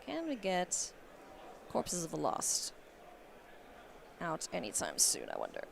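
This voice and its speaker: Lively, playful woman commentating a card game. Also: takes it slowly, creaky, background noise. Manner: playful, laughs often, animated swings in pitch. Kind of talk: live tournament commentary. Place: convention hall.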